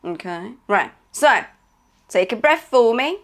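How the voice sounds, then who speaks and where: A woman's voice: a little high, very animated, slow pace. Woman vocal coach, chatty and encouraging. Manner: encouraging, checks in with "okay?" and "yeah?"; demonstrates sung notes between spoken instructions. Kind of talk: singing lesson.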